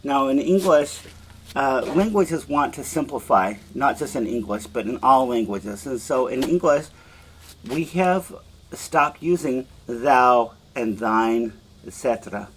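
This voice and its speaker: A man teaching a Spanish class, slowly repeating verb forms for students to echo. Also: mid-range voice, lively intonation, a bit bright, a little hiss or hum. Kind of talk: classroom lesson with drills.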